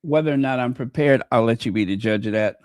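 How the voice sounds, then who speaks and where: A man's voice: mid-range voice, fast talker, a little mellow, dry recording. A man hosting a casual livestream, chatting in a rambling way with many fillers and restarts, close to the mic. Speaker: channel host.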